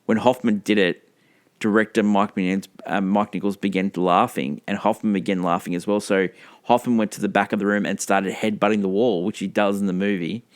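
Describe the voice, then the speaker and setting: Male co-host, low voice, chatty and rambling, full of "like" and "yeah". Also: fairly even intonation, brisk. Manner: rambling retelling, filler-heavy. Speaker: podcast co-host. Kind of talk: casual film chat.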